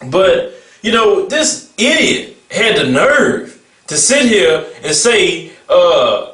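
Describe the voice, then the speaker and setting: A man's voice: high-pitched, a bit bright, roomy sound, recorded from a distance. A man giving a casual vlog commentary rant, mocking and blunt, laughing between remarks. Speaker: vlogger.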